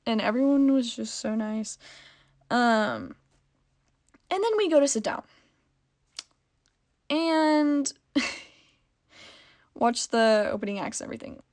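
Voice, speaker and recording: A woman's voice: fairly high pitch, lively intonation, takes it slowly, long pauses, darkish tone. A young woman vlogger chatting through a casual storytime, giggly and full of "like" fillers.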